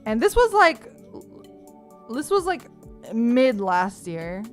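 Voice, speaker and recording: A young woman streamer chatting casually, telling stories in an animated way and sometimes breaking into shrieks and laughter. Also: on the high side, slow pace, soft background music.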